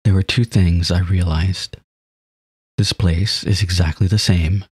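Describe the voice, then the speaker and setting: A man reads a visual novel aloud in the first person and breaks in with laughs and comments. His voice is low and very husky. The recording is dry and close, with no room sound. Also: fairly even intonation, unhurried, a little mellow, no room sound. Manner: laughs and comments between read lines.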